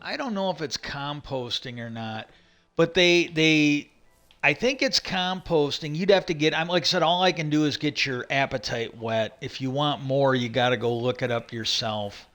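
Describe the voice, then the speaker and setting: This livestream host's voice is fairly high and a bit bright, moving at a moderate pace. His monologue is loose and casual, full of "he goes," restarts and filler words as he recounts a conversation.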